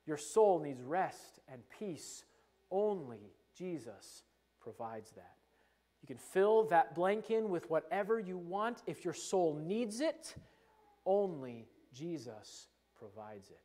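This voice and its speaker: A man preaching a sermon as pastor, emphatic, with phrases that fall away soft and low. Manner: acts out the disciples' worries in a fretful voice.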